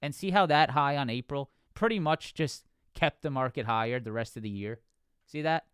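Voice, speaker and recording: A man's voice: medium pitch, normal speed, fairly bright tone, smooth, no room sound, studio quality. A man talking casually through market charts on a live stream, constantly checking in with "right?". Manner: conversational, peppers talk with "right?".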